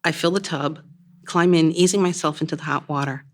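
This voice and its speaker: A woman reading her own first-person story aloud in a measured, plain storytelling manner. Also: low-pitched, steady tone.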